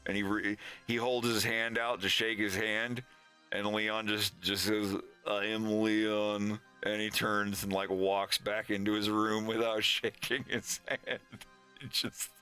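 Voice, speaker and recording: A man's voice: lowish voice, flat delivery, unhurried, bright, forceful tone, clean tone, faint music behind. A man in casual stream chat, rambling and laughing often as he talks through his cartoon. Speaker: animator streaming.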